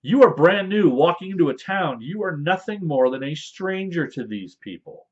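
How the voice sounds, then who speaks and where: A man's voice: on the high side, lively intonation, normal speed. A man in casual talk explaining rules for a tabletop game, rambling with fillers and playful asides. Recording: dull lo-fi audio.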